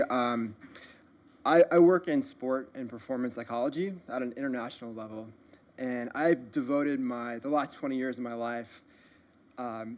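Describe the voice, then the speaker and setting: A man's voice: mid-range voice, a little mellow. A man giving an indignant public comment at a city council meeting, talking emphatically and often restarting his sentences.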